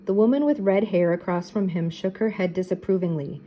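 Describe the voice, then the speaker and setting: An older woman reading a children's mystery book aloud, clear and expressive. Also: medium pitch, brisk, rough recording. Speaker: storybook reader. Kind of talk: children's storybook read-aloud.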